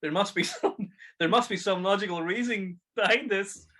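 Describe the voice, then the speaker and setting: A man with a Northern Irish accent quoting a bewildered teenage boy who cannot move, in a flat, mock-earnest reading. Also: sits high, normal speed, voice pushed up. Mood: baffled.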